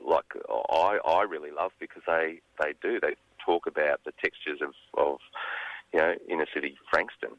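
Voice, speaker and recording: A man's voice: a bass voice, steady tone, no echo, muffled recording. An Australian man from the country, a songwriter speaking thoughtfully in a radio interview, with frequent restarts. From Gippsland, Australia. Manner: thoughtful, halting with many restarts. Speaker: songwriter guest.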